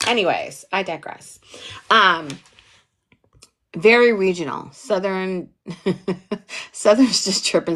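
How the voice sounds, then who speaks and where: A young East Coast woman teaches TV pitching in a casual online livestream, her mid-range voice fairly bright and unhurried, with frequent pauses. She's chatty and playful, wanders off on tangents often, and keeps checking in with "okay?"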